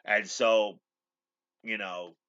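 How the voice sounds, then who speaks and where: Male host, casual rambling recap, bright edge, slightly dull lo-fi sound. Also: lowish voice, steady tone, very slow. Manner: rambling storyteller, many fillers and restarts. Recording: dull lo-fi recording.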